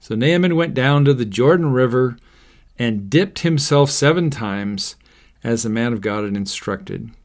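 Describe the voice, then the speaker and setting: A man in an everyday speaking voice reads a Bible story aloud as a teacher. He reads it in a relaxed, conversational way, stopping often to add chatty comments of his own. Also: mid-range voice, a little slow. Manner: casual, conversational, chatty asides.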